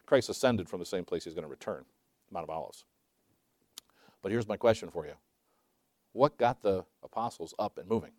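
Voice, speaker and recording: A preaching man in his sixties who asks rhetorical questions and swings between loud emphasis and hushed asides. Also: low-pitched, no echo. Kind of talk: sermon.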